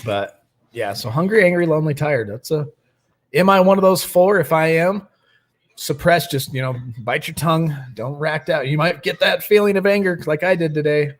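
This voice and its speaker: A man's voice: fairly high pitch, normal speed. Friendly man hosting a recovery livestream. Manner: friendly, greets viewers by name. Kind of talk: casual livestream chat.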